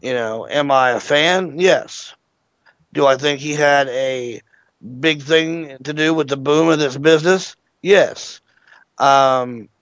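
A man's voice: on the high side, no echo. A man hosting an internet radio show, telling a long story casually and with plenty of swearing. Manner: profane, animated anecdote teller. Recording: dull lo-fi internet radio audio.

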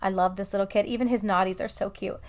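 A young woman co-hosting a podcast, telling family stories in a chatty, animated way with acted-out quotes. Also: medium pitch, quick pace. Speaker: podcast co-host. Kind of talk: casual chat.

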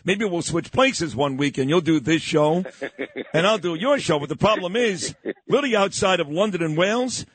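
A man hosting a morning talk radio show, gushing and fast with praise. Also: sits high, animated, fairly bright tone, husky, dry recording. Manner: effusive, rapid-fire praise.

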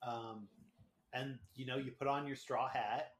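A man co-hosting a casual sports podcast, wry and joking as he talks. His voice sits at an average pitch and carries a roomy echo. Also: steady tone, a little slow. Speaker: podcast co-host.

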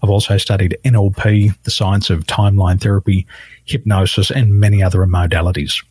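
A man with a fairly low, husky, darkish voice tells a story as a life coach guest on a podcast, acting out the people he quotes. His pitch swings widely at moments, though his intonation stays fairly even overall, and he talks a little fast. The recording is close and dry, with no echo.

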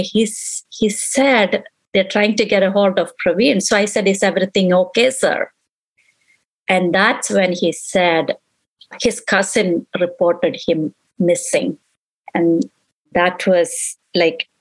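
A middle-aged woman, a mother, giving an earnest, halting personal account in an interview, acting out what others said. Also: on the low side, rough recording. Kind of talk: emotional personal recollection.

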